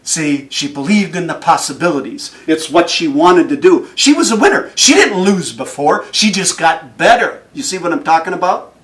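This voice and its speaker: A man giving a motivational speech, telling stories in an animated way and chuckling often. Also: fairly high pitch, moderate pace, far from the mic. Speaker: motivational speaker.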